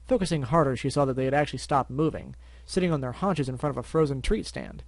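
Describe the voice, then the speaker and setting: A man reads a fan story aloud in a mid-pitched, everyday voice, now and then tripping and restarting. He breaks off for wry asides, recorded close with no room sound. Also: big pitch swings, fast talker, no echo. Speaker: story reader. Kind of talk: fan fiction reading with asides.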